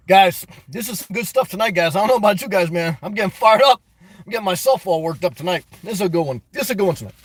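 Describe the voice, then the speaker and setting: A man live-streaming a casual vlog, reading comments aloud and answering them in an animated, repetitive, exclamatory way. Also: sits high, a little fast, slightly rough. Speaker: YouTube vlogger answering live chat.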